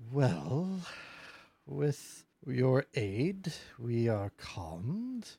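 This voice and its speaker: A man voicing a weary but polite phoenix in a tabletop game, speaking gently and slowly. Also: mid-range voice, huge pitch swings, vocal fry, breathy edge, no echo, full character voice. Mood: relieved. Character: weary, polite phoenix, calmed after agitation.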